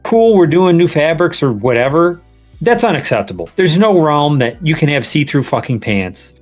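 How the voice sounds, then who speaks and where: Lively, profane male podcast co-host. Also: on the high side, normal speed, soft background music. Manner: profane, animated, laughing storytelling. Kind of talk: casual sports podcast banter.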